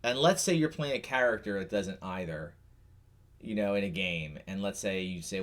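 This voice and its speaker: A man's voice: low-pitched, animated, brisk, fairly bright tone. A middle-aged man hosting a casual talk show, rambling and restarting as he chats and patiently explains things. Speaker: podcast host. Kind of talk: casual chat.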